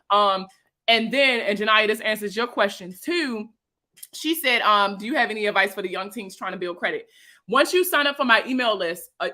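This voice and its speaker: A woman's voice: mid-range voice, bright, forceful tone. A young woman with a Baltimore accent, hosting a money livestream in a loose, slangy, chatty way and greeting viewers by name. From Baltimore, USA. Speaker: financial educator hosting a livestream. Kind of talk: casual livestream chat answering viewer comments.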